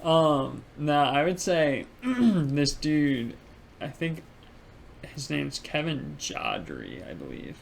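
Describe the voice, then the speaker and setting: A laid-back young man with a fairly high yet gravelly voice chats casually as a podcast co-host. He tosses in "bro" and "dude" and laughs easily, over faint room noise. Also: very animated, slow pace. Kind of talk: casual chat.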